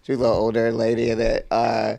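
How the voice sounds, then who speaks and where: A man in the middle of a long, rambling story on a podcast. His pitch sits in the ordinary middle range, and he breaks into frequent laughter. Now and then he slips into acted-out voices of the people in the story. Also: completely flat delivery, fast, creaky, dark tone. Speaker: podcast co-host. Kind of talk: casual chat.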